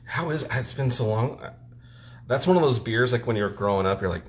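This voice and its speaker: A man's voice: medium pitch, fairly quick, slight background noise. A man co-hosting a live stream, chatting and teasing casually while he draws. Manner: teasing, joking. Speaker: artist and co-host of a live stream.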